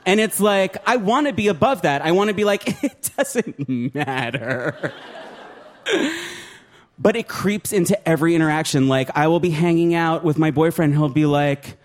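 A man doing a stand-up comedy set on a club stage, with an animated, profane, self-mocking delivery. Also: high voice. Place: comedy club stage before a laughing audience.

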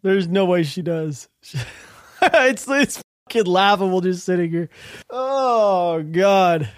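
High-voiced ranting podcast man. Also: animated, takes it slowly, no room sound, studio quality. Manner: ranting, sarcastic, swears freely, laughs at news. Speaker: podcast host. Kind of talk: solo political podcast commentary.

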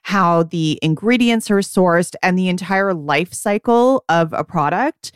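A woman in her forties, co-hosting a podcast as a beauty editor, chatting casually and often quoting herself in quick asides. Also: fairly low pitch, animated, clear, resonant tone, no echo. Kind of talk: casual chat.

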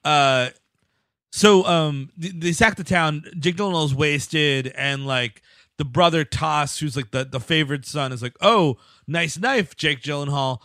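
Bright-voiced man recapping a movie. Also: a little high, a little slow, no echo, studio quality. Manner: animated, laughs often, recaps plot with silly voices. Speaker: podcast co-host. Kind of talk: casual comedic movie recap.

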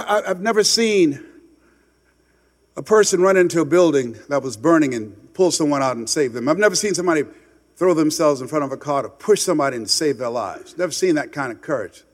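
A man telling a motivational story with passion, swinging between loud emphatic lines and hushed ones. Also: fairly high pitch, in a large hall. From United States. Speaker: motivational speaker.

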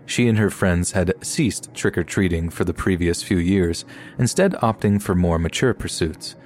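A man reading scary stories aloud as a scripted narration, in a steady storytelling delivery. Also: low-pitched, normal speed. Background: faint background music.

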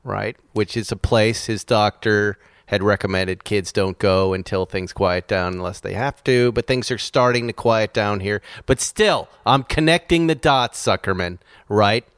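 A man co-hosting a podcast, telling a story in an animated, self-mocking way and laughing as he goes. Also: fairly low pitch, measured pace, hardly any pauses, smooth, no room sound, clean studio sound. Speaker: podcast co-host. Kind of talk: casual chat, storytelling.

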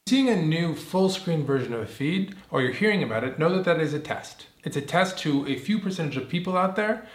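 A man's voice: on the high side, expressive, brisk, reverberant. A man with an Israeli accent giving an earnest, explanatory video address to app users. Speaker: company executive.

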